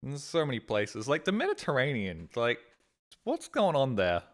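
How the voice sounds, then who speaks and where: A man's voice: mid-range voice, huge pitch swings, normal speed. A man chatting casually on a live stream, rambling and swearing with a self-deprecating edge, talking from a desk mic at home.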